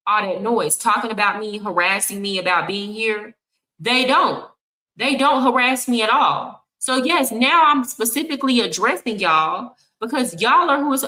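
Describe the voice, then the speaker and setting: Sassy Texan woman streamer, bright voice. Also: fairly high pitch, low-quality recording. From Texas. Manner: blunt, sassy, talks straight to viewers. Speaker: streamer reacting to clips. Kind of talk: live reaction commentary.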